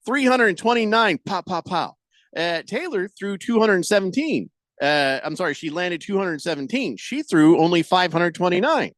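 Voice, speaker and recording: Guy hosting sports radio, high voice, ranting with big swings, dry studio sound. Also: normal speed, no room sound. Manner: animated, exasperated rants with mock-quoted voices. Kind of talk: casual sports talk, reading listener texts.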